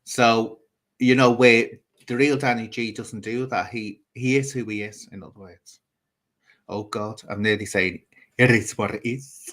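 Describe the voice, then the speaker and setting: Speaking at a measured pace in a steady, slightly bright, medium-pitched voice, the man hosts his YouTube channel's livestream. His gossipy commentary rambles, full of asides and restarts aimed straight at viewers.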